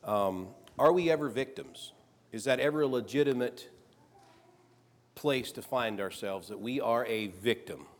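A man preaching a sermon, reading scripture aloud and rising louder on the quoted lines. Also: medium pitch, a little slow.

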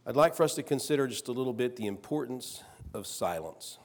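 A man preaching a sermon, reading scripture aloud and rising louder on the quoted lines. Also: mid-range voice, lively intonation, fairly quick.

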